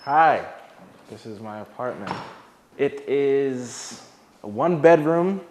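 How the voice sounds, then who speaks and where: Brief: young man with a mid-range voice, relaxed and jokey, loose fillers, giving a home tour indoors. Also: medium pitch, takes it slowly, a little hiss or hum. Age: young adult. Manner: chatty, laid-back, jokey, with many "like" fillers. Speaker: formerly homeless youth. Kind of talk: casual home tour talk. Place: his own apartment, indoors.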